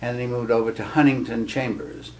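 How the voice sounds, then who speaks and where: A man in his seventies, an interview guest recalling early days, speaking haltingly and pausing often as he tells his story. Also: mid-range voice, level tone, a little hiss or hum. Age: 70s. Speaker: guest, guild president. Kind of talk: reminiscing interview talk.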